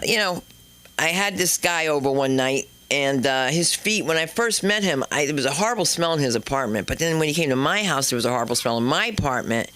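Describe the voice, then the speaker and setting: A woman doing a stand-up comedy set and hosting the night, chatty and brash, jumping into loud high bits. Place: comedy club stage.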